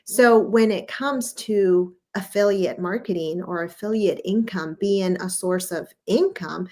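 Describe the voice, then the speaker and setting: A woman's voice: medium pitch, measured pace, darkish tone. A woman hosting a podcast in casual conversation, thinking aloud in a reflective way. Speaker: podcast host.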